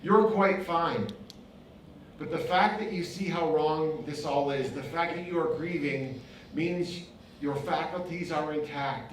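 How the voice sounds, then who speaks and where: A man's voice: fairly high pitch, a little hiss or hum. A man, a pastor and author, giving an impassioned inspirational speech with rhythmic repetition. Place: event venue. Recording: very echoey hall, mic far off.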